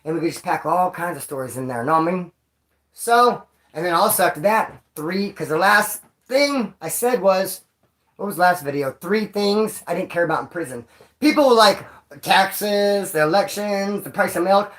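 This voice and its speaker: A man casually telling stories about his time in prison to camera, in a slangy, profane and animated way, often acting out other people's voices. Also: high-pitched, moderate pace.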